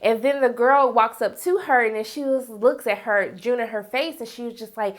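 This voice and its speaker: A woman's voice: fairly high pitch, moderate pace, hardly any pauses. A woman reviewing a TV episode in a casual, sassy recap, acting out the characters' lines. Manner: animated, sassy, acts out characters in raised voice. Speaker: TV show reviewer.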